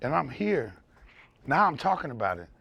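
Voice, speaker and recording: A man speaking as a podcast guest, telling his story in loud, animated, candid conversation and swearing freely. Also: mid-range voice, normal speed, gravelly, breathy edge, highs cut off.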